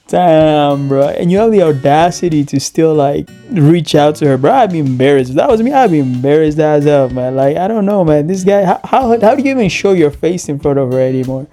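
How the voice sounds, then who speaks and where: Slangy laughing man host, mellow voice. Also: on the high side. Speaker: reaction podcast host. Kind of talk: casual reaction commentary.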